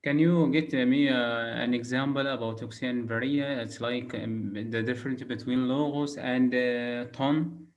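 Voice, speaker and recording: Male student on a video call, mid-pitched voice, hesitant and filler-heavy questions. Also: steady tone, a little slow, few pauses, highs cut off, slight background noise. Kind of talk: online tutoring session.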